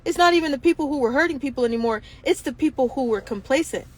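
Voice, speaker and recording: A woman's voice: high-pitched, quick pace. A woman hosting her own show, speaking in an impassioned monologue full of indignant rhetorical questions. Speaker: show host.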